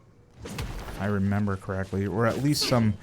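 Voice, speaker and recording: Young dude streaming games, lowish voice, swears a lot, blurts out reactions. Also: male voice, normal speed, background noise. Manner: casual, swears freely, reacts loudly. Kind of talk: live gaming commentary. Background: game music.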